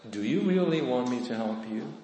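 A man voicing God speaking calmly from heaven in a quiet, unhurried way. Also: mid-range voice, reverberant, in a large hall, natural voice.

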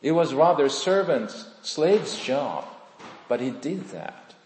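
A male pastor preaching a sermon, swinging between loud, emphatic lines and soft, hushed ones. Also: on the high side, expressive, slow, slight background noise. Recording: echoey hall with long reverb.

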